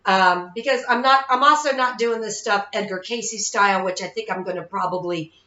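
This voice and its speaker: Woman psychic host, thirties, chatty and rambling, bright tone, dull lo-fi sound. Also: mid-range voice, normal speed. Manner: chatty, rambling, keeps asking "okay?". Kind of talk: casual monologue to viewers. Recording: echoey room, dull lo-fi sound.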